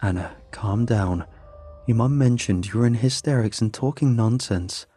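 A man doing a calm, soothing father. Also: fairly low pitch, normal speed, husky, soft background music. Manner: soothing, cautious. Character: calm, cautious middle-aged father.

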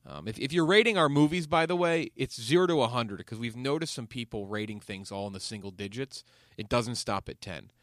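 A young man hosting a casual podcast, animated and casually swearing as he steers the talk. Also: mid-range voice, fairly quick, dry recording, clean studio sound. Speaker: podcast host.

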